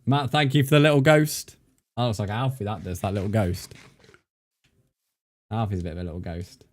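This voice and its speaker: A man's voice: on the low side, normal speed. A man, a streamer chatting casually and rambling while he plays, thanking viewers by name. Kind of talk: casual live-stream chat while gaming.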